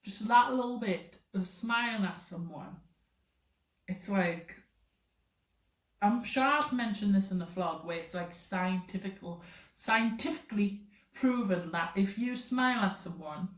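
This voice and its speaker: A woman's voice: mid-range voice, measured pace. Chatty woman, roomy echo. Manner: rambling, filler-heavy, chatty. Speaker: vlogger. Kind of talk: casual chat to camera. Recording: roomy echoey room.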